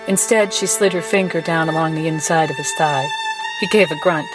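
A woman narrating a story in a measured, expressive reading voice. A violin plays clearly beneath her. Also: on the low side. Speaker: podcast co-host reading passages. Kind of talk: dramatic audiobook narration. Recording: violin music underneath.

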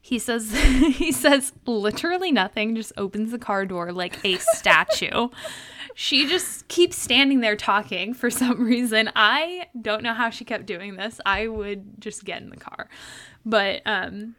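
A woman's voice: on the high side, unhurried. A young woman co-hosting a podcast, animatedly retelling a show scene by scene, slipping into quoted lines between laughs. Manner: animated storytelling, quoting people with laughs. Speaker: podcast co-host. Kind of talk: casual recap chat.

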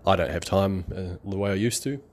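A wistful, overworked tycoon, as a man puts him on, sighing over other people's free time. The voice is low and plain, with tired little sighs between thoughts. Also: brisk. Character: weary ultra-rich businessman wishing for free time.

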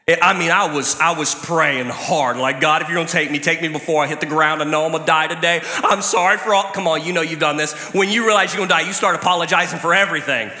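Male pastor, middle-aged, bright ringing voice, lively storyteller with sudden loud bursts, recorded in a roomy echoing hall. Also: a little high, fast talker. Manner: animated storytelling with loud outbursts. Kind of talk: sermon. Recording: echoey hall, long reverb.

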